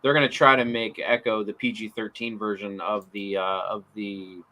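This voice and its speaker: A man's voice: on the low side, little pitch movement, normal speed, sharp tone, low-quality recording. A man co-hosting a casual movie review chat, hesitant and full of restarts, steering the talk back on track. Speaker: podcast co-host.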